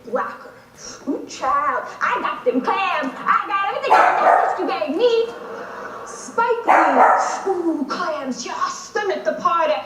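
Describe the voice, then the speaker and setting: A teenage girl voicing a brash, sassy woman at an audition, loud and drawling, recorded far off in an echoey hall. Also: extremely high pitch, animated, takes it slowly, heavily acted. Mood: brassy.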